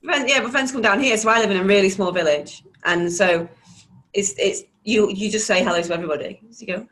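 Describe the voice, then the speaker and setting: A woman's voice: mid-range voice, brisk, a bit bright. A woman with a Manchester accent hosting a podcast, chatting casually, laughing often and acting out the people she quotes. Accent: Mancunian. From northern England. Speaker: podcast host. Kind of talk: casual chat.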